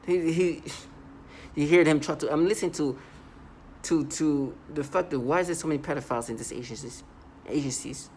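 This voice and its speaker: A man talking in a casual vlog monologue, rambling and halting, with many restarts and stammered repeats. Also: a little high, a little mellow, a little hiss or hum. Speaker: vlogger.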